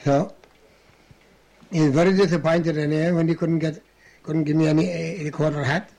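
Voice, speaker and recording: A man's voice: a little high, steady tone, normal speed, a little mellow. An older man, telling rambling anecdotes in an oral history interview, chuckling and restarting as he goes.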